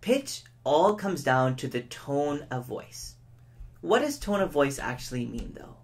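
A man's voice: fairly high pitch, very animated. Man teaching public speaking, demonstrative delivery. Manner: demonstrates his points by speeding up, slowing down and shifting tone. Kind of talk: educational lesson to camera.

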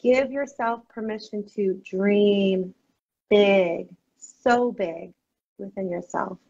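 A woman guest, a business coach, with a husky, breathy voice at a middle pitch. She talks passionately and upbeat, dropping "like" often. The audio sounds dull and muffled. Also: slow, darkish tone. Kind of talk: casual interview chat.

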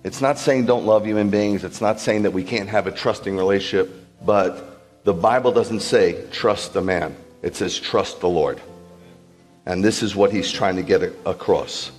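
A man's voice: fairly low pitch, normal speed, long reverb tail, faint music behind. A man, a rabbi, preaching a sermon to a congregation in a teaching manner, often checking whether listeners follow. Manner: animated teaching, asks the room questions. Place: large hall with a congregation.

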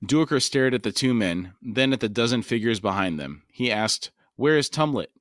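A man's voice: fairly low pitch, expressive, normal speed, a bit bright, no echo, clean studio sound. Man reading a novel aloud. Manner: reads dialogue with light character inflection. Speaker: podcast co-host reading aloud.

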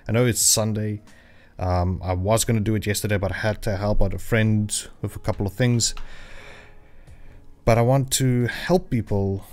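A man chatting casually while livestreaming a survival game, rambling with lots of fillers and self-corrections. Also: mid-range voice. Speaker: livestreaming gamer. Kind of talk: casual gameplay livestream chat. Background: royalty-free background music.

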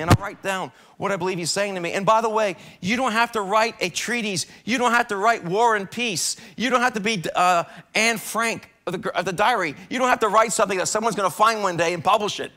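Male pastor, conversational devotional teaching in church, clear bright tone, a little higher than most men. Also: fast, few pauses. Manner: conversational, acts out prayers and complaints in a raised voice.

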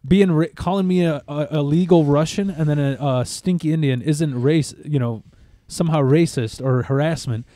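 A man's voice: on the high side, normal speed, hardly any pauses, no echo. A man in casual chat, telling a long story with lots of swearing and acting out what others said. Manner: animated, profane, acts out quotes. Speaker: podcast co-host.

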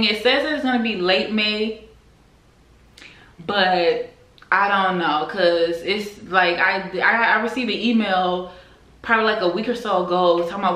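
Young woman vlogger, lowish voice, chatty and casual, roomy echo from her apartment. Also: fairly even intonation, moderate pace, a bit bright. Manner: chatty, lots of "like" and "girl". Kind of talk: casual chat to camera. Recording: echoey room.

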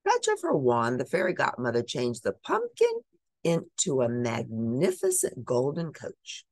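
Low, lively woman reading a storybook. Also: unhurried, dry recording. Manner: expressive, animated storytelling. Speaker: storybook reader. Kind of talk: reading a picture book aloud.

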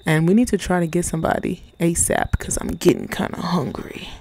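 Gravelly, joking gameplay commentator. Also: medium pitch, fairly even intonation, a little fast, a little mellow, a little hiss or hum. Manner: playful, jokey, talks back to game characters with slang. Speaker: gaming channel host.

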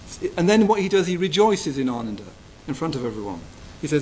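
Buddhist teacher, man, soft reflective delivery, slightly raised pitch. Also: expressive, brisk, few pauses, slight background noise, rough recording. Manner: gentle, tender, often checks in with "yeah?". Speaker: Buddhist teacher giving a retreat talk. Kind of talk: reflective dharma talk. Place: retreat hall.

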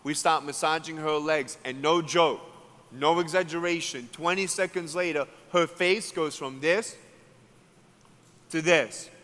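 A man with an Australian accent, preaching a sermon as an evangelist and telling a story, acting out each person's words and building to loud climaxes. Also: fairly high pitch, a little slow. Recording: long hall reverb.

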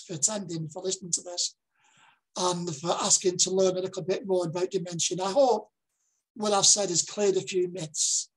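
Husky older Lancashire man speaking earnestly. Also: sits high, poor audio. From Lancashire, England. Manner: earnest, heartfelt, repeats phrases for emphasis. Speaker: dementia campaigner giving a talk. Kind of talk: public presentation.

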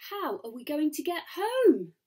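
A woman's voice: high voice, sing-song, a little slow, dark tone, pitched above the performer's own voice. A woman doing a cheeky little prince boy. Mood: worried. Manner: teasing, playful. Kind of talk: storybook read-aloud.

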